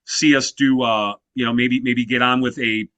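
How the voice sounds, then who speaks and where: Animated storytelling man in his fifties. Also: medium pitch, moderate pace, no echo. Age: 50s. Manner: animated storyteller, heavy use of "you know" fillers. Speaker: guest musician. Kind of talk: casual interview chat.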